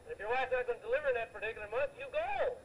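A man delivers a sermon in a strikingly high voice, explaining scripture verse by verse. He drives points home with emphatic rhetorical questions and answers them himself. A faint noise sits under the recording. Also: rapid-fire, rough recording. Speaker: preacher.

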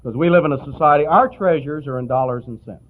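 A man's voice: a little high, fast talker. A middle-aged man preaching a sermon in a folksy, anecdotal way with chuckling asides. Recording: tinny, phone-like old tape.

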